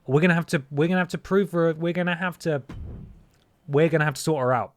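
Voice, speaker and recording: Streamer joking through wrestling commentary. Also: male voice, a little high, quick pace. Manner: jokey mock-announcer delivery with asides. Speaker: gaming streamer. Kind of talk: playful wrestling commentary over gameplay.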